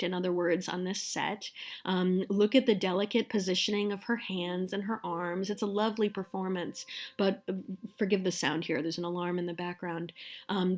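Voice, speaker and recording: A woman film lecturer talking through a scene in an earnest, emotive way, often checking in with her class. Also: medium pitch.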